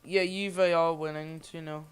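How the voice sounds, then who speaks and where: A man's voice: on the high side, level tone, measured pace, smooth. A man giving amateur play-by-play commentary on a football match, rambling a little and often restarting or correcting himself.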